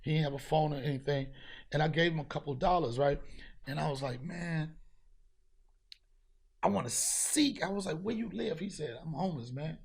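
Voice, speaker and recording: A man hosting a podcast, telling a street story in casual chat, profane and animated, acting out the people he met. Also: on the high side, moderate pace, vocal fry, long pauses, breathy edge. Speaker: podcast host.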